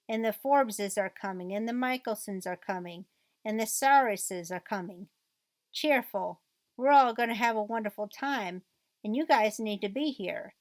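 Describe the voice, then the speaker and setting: A woman's voice: medium pitch, no echo, lightly acted. A woman reading as a bitter divorced mother. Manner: reads quoted rant aloud in a mostly plain voice. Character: bitter divorced middle-aged mother ranting.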